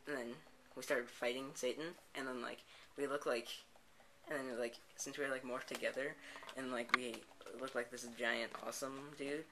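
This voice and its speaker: A man's voice: medium pitch, little pitch movement, normal speed, creaky, background noise. A man, the host of a gameplay channel, improvising a rambling story full of "and then, like" restarts. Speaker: let's play host. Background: background music.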